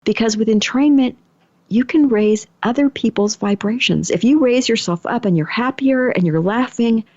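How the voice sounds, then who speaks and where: A woman's voice: fairly high pitch, normal speed, warm tone, no room sound. Chatty middle-aged woman podcast host. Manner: chatty, acts out quoted thoughts and dialogue. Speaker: podcast host and energy healer. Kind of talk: casual personal storytelling. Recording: dry, slightly dull podcast mic.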